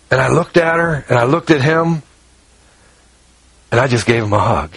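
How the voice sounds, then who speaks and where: A man's voice: mid-range voice, husky, dry recording, low-quality recording. A man preaching a sermon in a conversational way, often repeating words as he tells stories.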